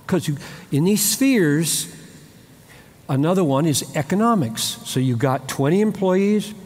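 A man's voice: a little high, lively intonation, unhurried, a little mellow, big-room sound. A man preaching a sermon. He speaks with emphasis, repeats key phrases, and acts out short exchanges between people. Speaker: pastor.

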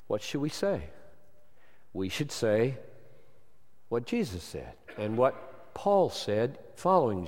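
A man preaching a sermon with fervent emphasis, swinging from loud declarations to hushed tones. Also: lowish voice. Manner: impassioned preaching with sudden swings from loud to soft. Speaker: pastor. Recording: long hall reverb.

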